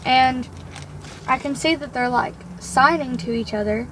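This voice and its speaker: A young woman with a rather high voice tells a long, rambling story in relaxed conversation, filling it with "like" as she goes. She is talking in a car, with faint road noise under her voice. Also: unhurried, rough recording. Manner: rambling storytelling, heavy use of "like". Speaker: daughter telling about her first workday. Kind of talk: casual chat.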